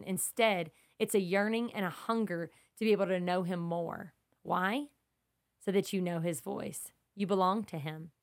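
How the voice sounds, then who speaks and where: A woman who is a mother and podcast host, teaching scripture in an earnest, emphatic, storytelling way that stays conversational. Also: medium pitch. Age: young adult to middle-aged, mother of kids.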